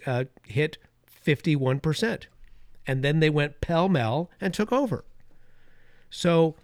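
A man's voice: fairly high pitch, dry recording, clean studio sound. A man hosting a talk radio show, delivering an opinionated monologue with emphatic repetition and sarcastic asides. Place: radio studio.

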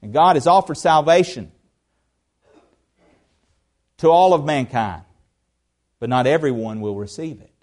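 A man preaching an expository sermon, earnest, with emphatic rises, soft drops, conversational asides and rhetorical questions to the congregation. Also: on the high side, a little slow, pauses often. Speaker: pastor.

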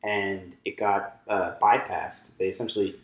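A man with a lowish voice co-hosting a podcast, telling stories with eager, self-mocking enthusiasm. His voice echoes off the walls of the room. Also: little pitch movement, a little slow. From grew up in England. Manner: enthusiastic storyteller, self-deprecating. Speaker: podcast co-host, reporter. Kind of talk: casual chat.

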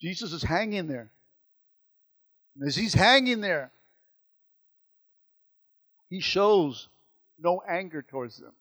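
A man preaching a sermon, moving from quiet, low passages to loud, emphatic repetitions. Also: lively intonation, takes it slowly, long pauses.

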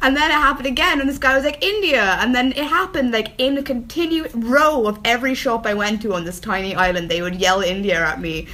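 A woman's voice: on the high side, fast, few pauses, bright, forceful tone. A woman who grew up in England co-hosting a podcast, telling a story in a chatty, playful way. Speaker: podcast co-host. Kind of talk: casual chat.

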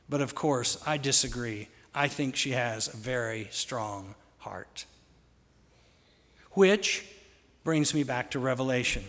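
A man telling fond, gently humorous family stories in a sermon. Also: medium pitch, lively intonation, takes it slowly. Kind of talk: anecdotal storytelling sermon. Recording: long hall reverb.

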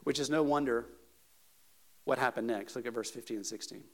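A male pastor preaching a sermon, moving between casual asides and loud, emphatic peaks. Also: mid-range voice, fairly quick.

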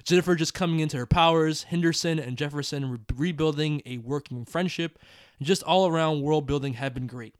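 A male podcast host reads listener emails out loud, breaking in with jokes and quick laughs. His voice sits a bit high. The recording is close and dry, with no room sound. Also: dry recording. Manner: reads aloud with joking asides, laughs often. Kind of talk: casual podcast chat.

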